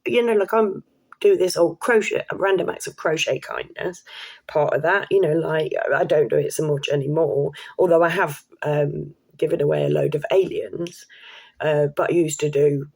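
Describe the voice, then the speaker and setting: A woman telling a personal story to camera in a chatty, excitable way, with casual swearing and slang. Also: low voice, normal speed, gravelly, husky. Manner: chatty, excitable, laughs while telling stories. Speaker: vlogger.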